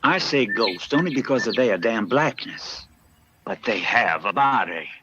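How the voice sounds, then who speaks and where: A smug pious plantation owner. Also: male voice, on the low side, animated, a little slow, sharp tone. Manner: self-satisfied, preaching prayer. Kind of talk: dubbed film acting. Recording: dull lo-fi film audio with noise.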